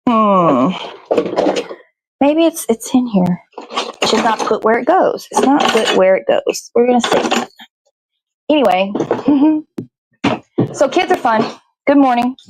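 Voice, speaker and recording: A woman's voice: fairly high pitch, lively intonation, slow pace, pauses often, very noisy. A woman hosting a morning show, chatting casually and rambling to herself as she bakes in her kitchen, swearing freely. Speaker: host. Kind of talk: casual chat while baking. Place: home kitchen.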